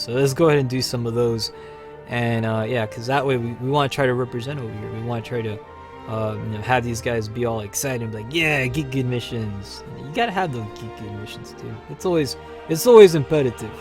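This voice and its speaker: Man, livestream host, casual gaming chatter, upbeat and rambling, faint music underneath. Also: medium pitch. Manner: chatty, upbeat, talks to viewers while playing.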